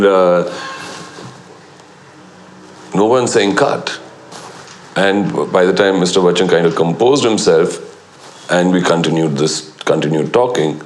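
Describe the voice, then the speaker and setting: A middle-aged man, a film actor in a documentary interview, telling anecdotes and acting out what others said. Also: low voice. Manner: animated storyteller who acts out quoted lines.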